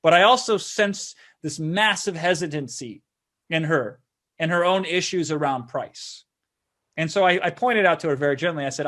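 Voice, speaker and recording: A man leads a sales webinar with a somewhat raised pitch. He talks persuasively and conversationally, telling stories and checking in with his listeners as he goes. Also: normal speed, a bit bright. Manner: persuasive, conversational, frequent "right?" tags. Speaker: webinar host.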